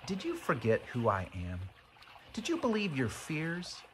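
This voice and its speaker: A calm, gentle grown man asking quiet questions, as a man reading a storybook voices him. He speaks slowly and plainly. A noisy hum runs under the recording. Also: fairly high pitch, voice pushed up, full character voice.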